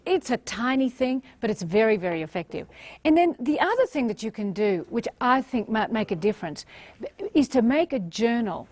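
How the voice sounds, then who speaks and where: A woman's voice: on the high side, darkish tone. A woman from Australia, giving a motivational talk and acting out the voices she quotes. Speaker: motivational speaker.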